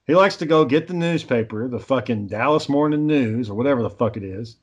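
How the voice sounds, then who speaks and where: A man's voice: mid-range voice, expressive, a little fast, husky, muffled recording. A man telling rambling stories in a casual chat, swearing constantly, an amateur filmmaker. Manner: rambling storyteller, heavy swearing.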